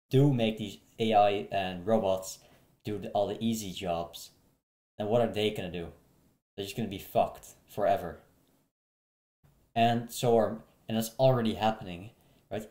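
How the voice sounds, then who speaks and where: A low-voiced man gives a reaction and argues back bluntly, with plenty of profanity. His voice carries a roomy echo. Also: steady tone, unhurried, long pauses, warm tone. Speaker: reaction streamer. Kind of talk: casual reaction commentary.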